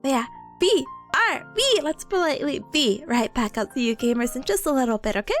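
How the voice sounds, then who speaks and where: Woman, American, livestreamer, casual chat, giggly, very lively pitch. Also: a little fast, soft background music. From United States. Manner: bubbly, giggly, greets chat by name.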